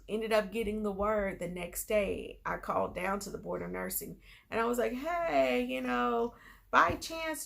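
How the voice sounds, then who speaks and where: A woman's voice: medium pitch, gravelly. A woman in her thirties, a school nurse, telling her story in a casual vlog, upbeat and encouraging. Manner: excited bursts when retelling good news.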